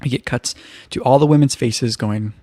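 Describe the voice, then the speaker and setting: Man, recap host, casual live stream, chatty, wry asides, medium pitch, dry sound. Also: moderate pace, no room sound. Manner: chatty, loose, leans on "kind of" and "like"; relaxed storytelling with wry asides.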